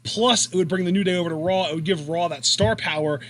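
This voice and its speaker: Young guy rambling on about wrestling, bright voice, a bit high, faint hiss behind. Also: fast talker. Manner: chatty, rambling, laughs easily. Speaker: co-host. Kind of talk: casual wrestling commentary chat.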